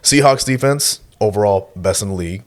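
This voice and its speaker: A man's voice: lowish voice, brisk. Laid-back young guy talking football. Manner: relaxed, laughs often, hedges with fillers. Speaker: podcast co-host. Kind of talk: casual sports chat.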